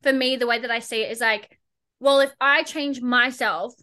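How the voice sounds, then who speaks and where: A woman's voice: fairly high pitch, fairly even intonation, normal speed, bright, forceful tone. A young woman, a podcast guest and entrepreneur, talking casually in a blunt, sarcastic way and swearing freely.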